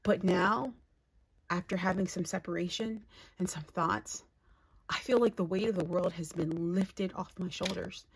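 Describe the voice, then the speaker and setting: Lady crafter rambling on in her craft room, kinda low voice, gushy and chatty. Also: a little slow, breathy edge, no room sound, low-quality recording. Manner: chatty and rambling, gushing over gifts. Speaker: craft vlogger. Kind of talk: casual unboxing vlog.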